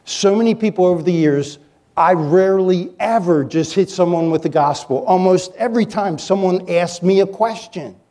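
A male pastor preaching a sermon, telling stories in an animated, joking way as he coaches his listeners. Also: high voice, moderate pace. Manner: animated, jokey storyteller who coaches the audience. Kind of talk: sermon with storytelling.

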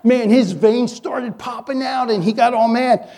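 A male pastor preaching a sermon, telling stories in an animated, joking way as he coaches his listeners. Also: extremely high pitch, measured pace. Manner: animated, jokey storyteller who coaches the audience. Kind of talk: sermon with storytelling.

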